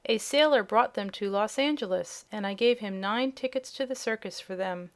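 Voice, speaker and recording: A woman's voice: medium pitch, close to an everyday voice. A woman doing a genial little humbug wizard. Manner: measured, explaining. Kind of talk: audiobook character voice.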